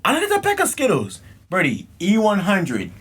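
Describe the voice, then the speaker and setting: Husky, lively man telling stories. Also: sits high, moderate pace. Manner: animated storytelling, slangy, acts out both sides of exchanges. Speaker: podcast co-host. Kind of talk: casual chat.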